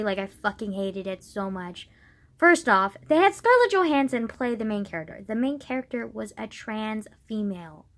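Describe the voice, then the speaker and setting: A woman's voice: on the high side, fairly bright tone. A young woman talking casually to camera as a vlogger, rambling with lots of "like" and swearing, getting worked up at times. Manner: rambling, heavy use of "like", swearing, gets worked up.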